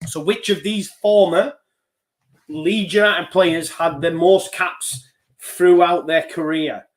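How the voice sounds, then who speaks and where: A man runs a live quiz and chats easily between questions. He lists the answer options in a steady rhythm and laughs off his own slips. His voice sits a little high for a man. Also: takes it slowly. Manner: chatty, reads answer options in a steady list; loose and self-deprecating, with small slips. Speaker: quiz host. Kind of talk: live online quiz hosting.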